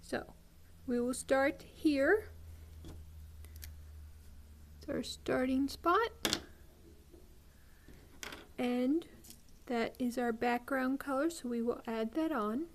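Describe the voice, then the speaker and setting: A woman hosting a beading tutorial, explaining each step patiently with frequent ums and pauses. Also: high voice.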